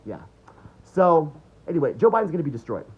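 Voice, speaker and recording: An American political commentator delivers an angry, mocking rant full of swearing. His fairly high voice is very animated and brisk with a breathy edge, captured on a dull lo-fi recording.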